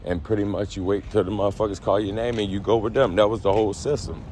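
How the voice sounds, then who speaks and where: Low-voiced man telling a profane story. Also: steady tone, fast, darkish tone, slight background noise. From Baltimore. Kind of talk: casual storytime.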